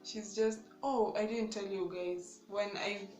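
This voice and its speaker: A woman's voice: medium pitch, fairly even intonation, a little slow, a little mellow. Chatty young woman telling a story. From Kenya. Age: young adult. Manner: chatty, full of "like" and "you guys". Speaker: student vlogger. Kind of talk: casual storytime vlog. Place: student dorm room. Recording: echoey room, music playing behind.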